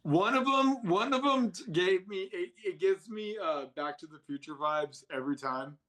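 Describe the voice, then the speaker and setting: A man co-hosting a casual movie podcast with friends, acting out quotes with big jumps in his voice. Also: normal speed. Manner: animated, acts out quotes with jumps in pitch. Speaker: podcast co-host.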